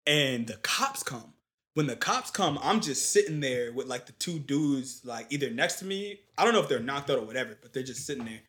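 A young man in casual chat, telling a long story in animated, slangy talk with lots of fillers. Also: mid-range voice, a little fast.

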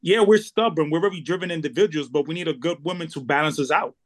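A man's voice: on the high side, fast. A man co-hosting a podcast, talking casually in an emphatic, slangy way. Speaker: podcast co-host.

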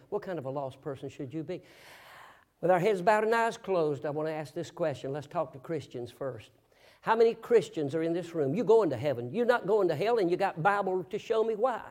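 High-voiced preacher, hushed to shouting. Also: male voice, expressive, fairly quick. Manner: dramatic, swings from hushed to shouting. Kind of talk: fiery sermon storytelling. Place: church sanctuary.

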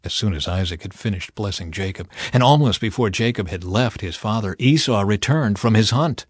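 A man's voice: on the low side, no echo. Man reading scripture, dry close sound. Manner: measured, clear storytelling. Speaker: narrator.

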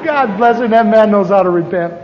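A man's voice: high-pitched, brisk, noisy background. A man preaching a sermon as a pastor, telling stories with self-mocking humor. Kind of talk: storytelling sermon. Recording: dull lo-fi recording with long hall reverb.

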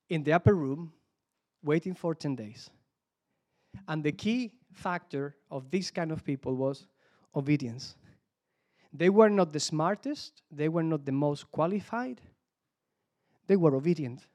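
A man's voice: on the high side, darkish tone. A man from Spain with a Spanish accent, preaching a sermon in English as a second language, often repeating words and searching aloud for the right English word.

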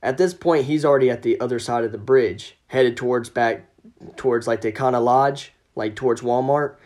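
A man's voice: mid-range voice, a little fast, a little mellow. Man, podcast guest, casual storytelling, profane, mid-range voice, acts out quotes.

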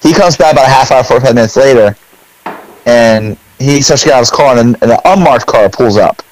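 A man's voice: medium pitch, a little fast, a little mellow, slight background noise, poor audio. A middle-aged man, a podcast co-host, telling a long story in casual chat, rambling with fillers and acting out his own lines.

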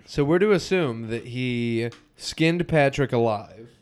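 Smooth-voiced man in casual chat. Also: mid-range voice, animated, a little mellow. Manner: retells scenes with quick mimicked lines. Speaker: podcast co-host. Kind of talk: casual chat recapping a cartoon episode.

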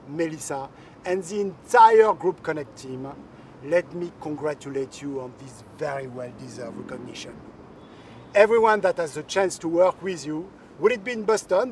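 French-accented man, high voice, toasting. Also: darkish tone. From France. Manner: light joking, then formal. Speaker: company chief giving a toast. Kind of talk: video toast. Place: outdoor terrace in a city. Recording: distant mic with faint outdoor noise.

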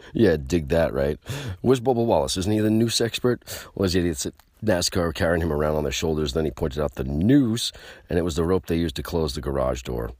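A man's voice: extremely low pitch, darkish tone, no room sound. A man ranting casually to the camera in a rambling, profane, emphatic way.

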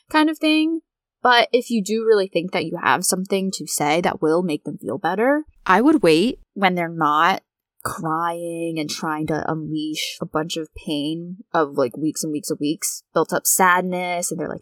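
Young woman in her twenties, solo podcast host, candid and blunt, swears a lot, lowish voice, dry close sound. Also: moderate pace, no room sound. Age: 20s. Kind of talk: casual solo podcast talk.

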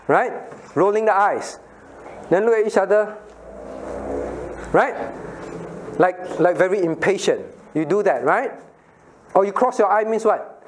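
High-voiced pastor teaching children. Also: male voice, lively intonation, unhurried, long pauses, a little hiss or hum. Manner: playful, asks the children questions. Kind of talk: children's Bible lesson. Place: church room with children.

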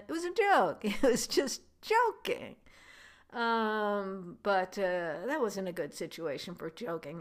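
A woman muses aloud in a casual commentary. She rambles and hesitates, with plenty of fillers and restarts. Her dry, wry humor runs underneath, in a voice of middling pitch.

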